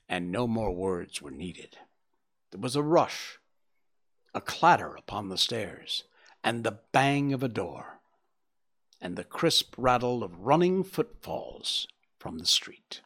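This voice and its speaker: A man narrating an audiobook in an expressive, dramatic reading style. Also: fairly low pitch, slow, no room sound, clean studio sound.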